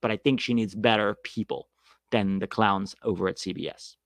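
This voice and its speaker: A man's voice: fairly low pitch, fairly even intonation, normal speed, dry recording. Blunt ranting man, dry close sound. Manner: blunt, ranting, sarcastic, swears freely. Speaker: soccer podcast host reading live chat. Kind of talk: casual opinionated chat.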